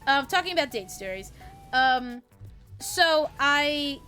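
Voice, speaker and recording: A young woman streamer telling a story in casual chat, animated, swearing freely and laughing as she goes. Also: high voice, slow, faint music behind.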